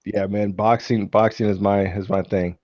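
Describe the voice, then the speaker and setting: A man with a lowish voice chats casually on a live stream, stumbling through fillers and restarts. The sound is dry and dull, like a home computer mic. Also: flat delivery, normal speed, a little mellow, no room sound. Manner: rambling, hesitant, lots of fillers and restarts. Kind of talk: casual chat.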